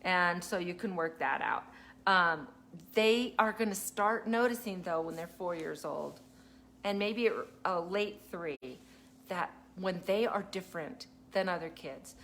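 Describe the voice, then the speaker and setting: A woman's voice: lowish voice, a little slow, fairly bright tone, a little hiss or hum. A woman teacher giving a casual live talk, chatty and laughing often as she acts out kids and parents.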